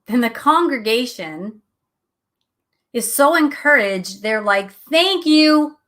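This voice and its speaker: A woman's voice: fairly high pitch, slow. Chatty middle-aged woman teaching scripture. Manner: animated, chatty, acts out quotes, laughs at herself. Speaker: host and Bible teacher. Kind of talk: conversational Bible study teaching.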